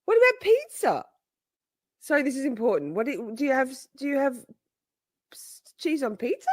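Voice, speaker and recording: A woman's voice: sits high, lively intonation, fairly quick, dry recording, clean studio sound. A woman hosting a casual livestream, chatting with playful mock outrage and frequent laughter. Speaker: livestream host.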